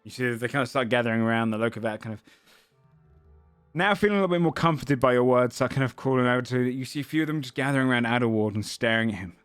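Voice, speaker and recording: A man narrating a tabletop game as game master, in a relaxed, halting way full of "kinda"s. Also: medium pitch, smooth, no echo, soft background music.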